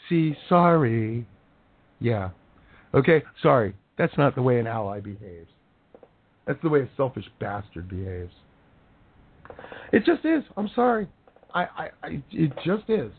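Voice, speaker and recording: A hoarse male show host delivering an angry, sarcastic talk-show rant as his voice gives out. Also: on the high side. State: hoarse, voice giving out. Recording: tinny phone-like sound.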